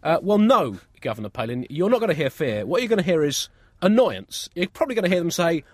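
Deadpan man with a lively voice. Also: fairly high pitch, quick pace, no echo. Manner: dry, deadpan, absurdist. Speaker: comedy co-host. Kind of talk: satirical comedy chat.

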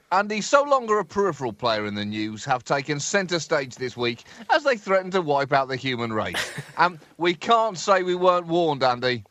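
A man co-hosting a comic podcast, joking in a self-deprecating, animated way. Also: a little high, no room sound. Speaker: podcast co-host.

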